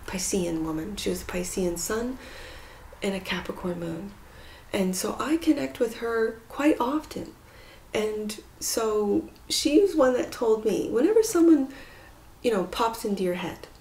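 Mellow-voiced woman giving a tarot reading. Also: mid-range voice. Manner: earnest, rambling, drops into soft whispers. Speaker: tarot reader. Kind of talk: spiritual tarot reading monologue. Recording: echoey room with faint noise.

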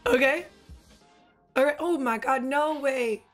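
A young woman who has partly lost her voice, gushing through an excited reaction to new game content. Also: high-pitched, faint music behind. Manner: gushing, excitable, quick exclamations. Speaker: gaming YouTuber and streamer. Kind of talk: excited gameplay reaction commentary.

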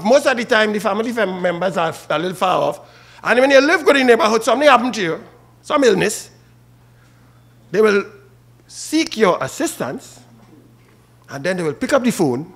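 A minister with a Trinidadian accent officiates a funeral, preaching a sermon and calling out to the mourners by name. His voice is very high, creaky, and a bit bright.

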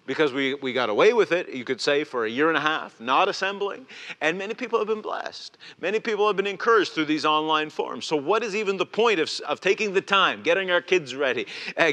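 A man's voice: fairly high pitch, sharp tone. A man preaching a sermon as pastor, earnest, often repeating words and restarting his phrases. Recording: reverberant church hall.

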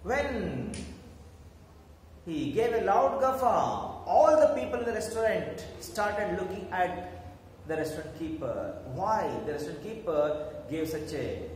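A man teaching a lesson. He explains a story slowly, with many fillers and a lot of repetition. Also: sits high, sing-song, darkish tone, recorded from a distance. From India. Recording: echoey hall with faint noise.

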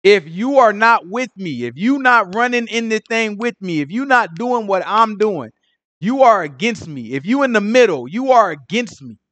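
A man's voice: high-pitched, expressive, moderate pace, fairly bright tone, no echo. A man leading an informal Bible study, talking casually, often asking "right?" and acting out characters in street slang. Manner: conversational, repeats "right?", acts out Pharisees in slang. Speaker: Bible teacher.

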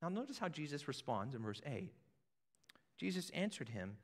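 A man preaching a sermon as pastor, animated and conversational, acting out scripture scenes. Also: a little high, moderate pace. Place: church sanctuary with balcony. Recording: echoey church hall.

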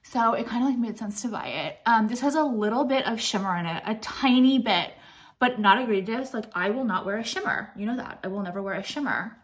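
A woman's voice: on the high side, animated, fairly quick. A woman in her late thirties, chatting through a makeup tutorial in a blunt, profane, rambling way, a little out of breath. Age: late 30s. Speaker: beauty vlogger. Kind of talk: casual makeup tutorial chat.

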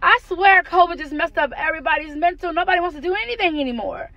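An American woman in her thirties, a mom, vlogs from her car, first parked and then driving home, venting bluntly and frankly about her kids with some swearing. Her very high-pitched voice is animated, quick, bright and forceful. The audio is dull with no room sound.

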